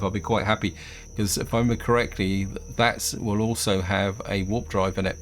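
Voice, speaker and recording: A man's voice: lowish voice, a little hiss or hum. A man casually commenting on his own gameplay, thinking aloud as he plays. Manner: relaxed, thinking aloud while playing. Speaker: gaming video host.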